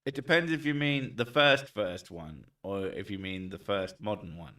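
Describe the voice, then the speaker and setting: A man's voice: lowish voice, moderate pace, bright, forceful tone, far from the mic. Sweary man chatting on stream. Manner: sweary, joking, reads chat aloud. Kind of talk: casual stream chat.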